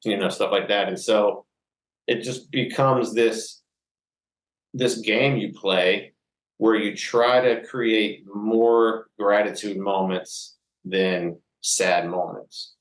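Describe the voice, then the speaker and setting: Man with a low voice, podcast guest, earnest and rambling, full of fillers, recorded in an echoey room. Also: slow. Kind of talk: candid personal storytelling.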